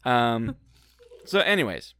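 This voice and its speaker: A man's voice: mid-range voice, big pitch swings, slow pace, bright, forceful tone. A man co-hosting a casual recap podcast, sarcastic and swearing freely as he sums up the episode. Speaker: podcast co-host.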